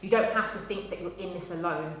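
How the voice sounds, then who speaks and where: Woman teacher, reassuring, slightly low voice, very echoey room. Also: a little fast. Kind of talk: casual advice talk. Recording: very roomy room, faint noise.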